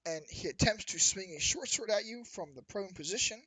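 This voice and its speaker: Bright-voiced man running a tabletop game. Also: high voice, expressive, brisk, slightly rough, dry recording, poor audio. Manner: loose and chatty, with frequent ums and laughs. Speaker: dungeon master. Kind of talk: casual tabletop game narration.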